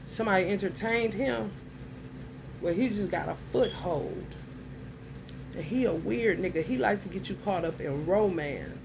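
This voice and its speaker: A woman's voice: mid-range voice, moderate pace, creaky, background noise. A woman giving a casual monologue to her viewers, telling a story bluntly and heatedly, with plenty of profanity. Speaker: vlogger.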